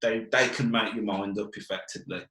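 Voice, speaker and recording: This fitness business owner, a guest in a relaxed interview, talks a little fast with a lowish, steady voice that has a sharp edge. He's a frank, earnest Brummie from Birmingham, England, recorded in an echoey room, and he repeatedly checks "do you get what I mean."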